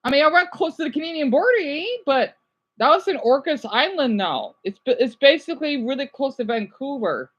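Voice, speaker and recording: A woman's voice: high-pitched, big pitch swings, fairly quick, muffled recording. A woman live-streaming her reaction, gushing and exclaiming, easily distracted, who swears casually and then apologizes. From United States.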